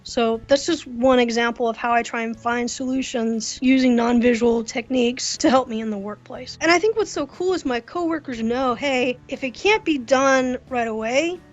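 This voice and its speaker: A woman with a fairly high voice tells workplace stories in a casual, animated way. She acts out the reactions she quotes. The recording sounds dull and lo-fi. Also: moderate pace, hardly any pauses. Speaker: interview guest. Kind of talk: casual storytelling. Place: hotel during a convention.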